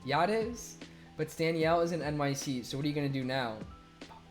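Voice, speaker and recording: A man's voice: a little high, expressive, brisk. Man chatting and laughing on a live stream. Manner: laughs often, loose and swearing, voice swings from loud to mumbled. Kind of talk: casual live-stream chat, reading viewer messages aloud. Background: faint music.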